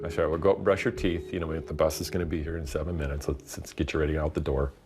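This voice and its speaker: Deep-voiced father telling his story. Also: level tone, quick pace, over music. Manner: emotional, earnest. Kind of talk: interview, recounting events.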